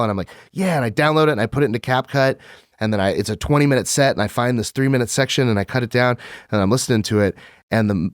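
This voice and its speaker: A man who does stand-up, talking as a podcast guest and telling animated, profane stories with frequent laughter. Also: medium pitch, no room sound, clean studio sound. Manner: animated storytelling, swears freely, laughs often. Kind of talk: casual podcast chat.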